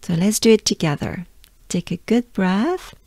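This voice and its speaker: A woman's voice: mid-range voice, animated, measured pace, gravelly, a little mellow, no echo, clean studio sound. A woman from France with a French accent, patiently teaching pronunciation and repeating sounds many times. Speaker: pronunciation coach. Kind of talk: pronunciation lesson.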